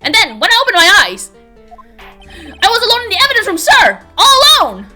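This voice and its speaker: A woman acting out an excitable young male patrolman from a courtroom game. He shouts almost every line in a high, sharp voice and tacks "sir!" onto everything. Faint game music plays underneath. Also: fairly quick, exaggerated voice. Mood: frantic, loud. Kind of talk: voice acting a game script aloud.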